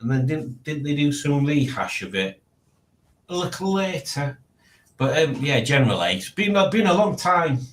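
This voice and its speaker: A man's voice: fairly high pitch, big pitch swings, normal speed, fairly bright tone, reverberant. A man hosting a casual livestream at home, rambling as he reads chat messages aloud. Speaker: livestream host reading chat. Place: at home, indoors.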